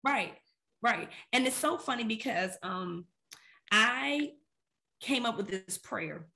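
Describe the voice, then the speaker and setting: A woman's voice: on the high side, animated, slow, creaky, pushed and bright. A woman co-hosting a faith podcast, talking about prayer in an earnest, conversational and emphatic way. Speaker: podcast co-host.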